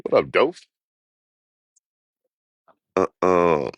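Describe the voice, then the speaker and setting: A man's voice: sits low, big pitch swings, extremely slow, no echo. A man, chatting casually and profanely on a travel live stream, laughing often. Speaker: travel vlogger.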